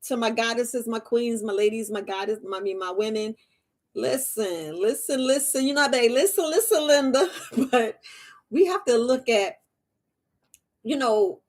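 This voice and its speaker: Woman, herbalist host, casual live-stream chat, fairly high voice, frequent laughter. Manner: chatty, laughs often, repeats phrases.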